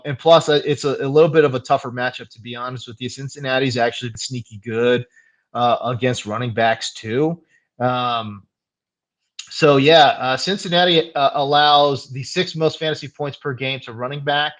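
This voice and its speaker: A young man hosting a fantasy football show, chatting casually in a loose, slangy way with lots of fillers, and quick to get heated before laughing it off. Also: mid-range voice. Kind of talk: casual live stream chat.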